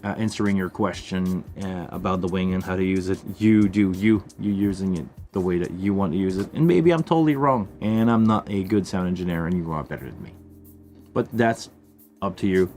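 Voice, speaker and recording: Male stream host, low voice, casual and chatty, thinks aloud while demoing gear, faint music underneath. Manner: relaxed, thinking aloud with fillers and restarts. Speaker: live stream host answering viewer questions.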